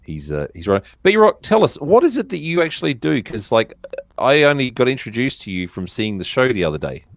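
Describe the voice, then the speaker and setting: A man hosting a livestream chat, excited and full of quick restarts. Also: mid-range voice, dry recording, studio quality. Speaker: livestream host.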